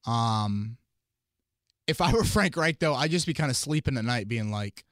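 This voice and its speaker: A man hosting a casual sports podcast, talking in an animated, rambling way with many fillers and restarts. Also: mid-range voice, moderate pace, no echo, clean studio sound. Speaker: podcast host and team analyst.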